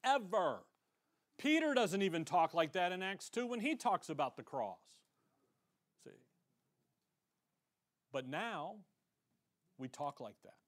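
Emphatic American preacher, slightly high voice. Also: male voice, big pitch swings, takes it slowly, pauses often. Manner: emphatic, conversational preaching, loud when reading verses and quiet for asides. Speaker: pastor. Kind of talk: sermon with scripture reading.

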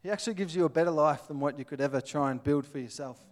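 Casting: Australian male preacher, plainspoken and earnest, voice slightly high. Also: fast talker. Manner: earnest, plainspoken, acts out little scenes. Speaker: pastor. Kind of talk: sermon.

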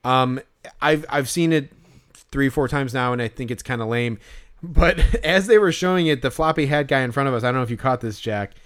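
A man's voice: medium pitch, a little fast, fairly bright tone, clean tone. A young man co-hosting a casual podcast chat, rambling with many fillers and acting out the voices he quotes. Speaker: podcast co-host.

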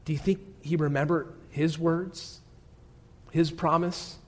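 High-voiced preacher telling a story. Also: male voice, fairly even intonation, a little slow. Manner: dramatic storytelling, dropping to hushed tones; asks the listeners direct questions. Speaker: pastor. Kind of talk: sermon.

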